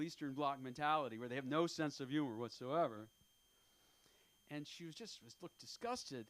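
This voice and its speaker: A man in his fifties doing an open-mic stand-up set on a comedy club stage. He talks in a rambling, self-deprecating way, halting often with fillers. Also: mid-range voice, lively intonation, fairly bright tone. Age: 50s.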